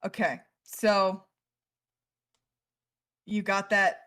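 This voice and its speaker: A woman's voice: mid-range voice, flat delivery, extremely slow, a bit bright. A woman playing a tabletop role-playing game, chatting casually with hesitant fillers. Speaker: player.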